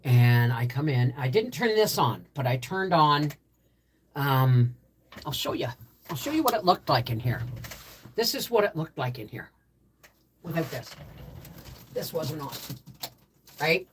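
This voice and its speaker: A woman's voice: sits low, big pitch swings, unhurried, long pauses, a little hiss or hum. An older woman hosting a live stream from her home office, telling a rambling, chatty story with many restarts. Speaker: homestead channel host. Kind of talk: casual live-stream chat.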